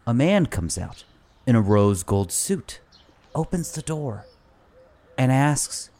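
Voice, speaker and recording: A male podcast host who tells stories with dramatic flair. His pitch rises and falls widely as he acts out the characters, and he swears freely along the way. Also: very animated, slow, pauses often, darkish tone. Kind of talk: dramatic storytelling.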